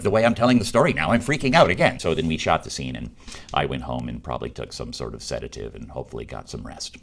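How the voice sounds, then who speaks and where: Very deep-voiced man telling a story. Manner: animated, self-mocking, laughs between lines. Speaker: working actor. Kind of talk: casual storytelling to camera.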